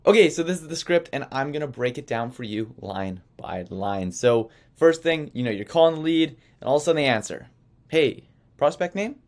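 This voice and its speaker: Male course instructor, mid-pitched, animated and coaching, tells stories and keeps checking listeners follow. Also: a little fast, hardly any pauses. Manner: animated storytelling, checks in with okay and right. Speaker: marketing agency founder teaching sales. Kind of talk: online course lesson.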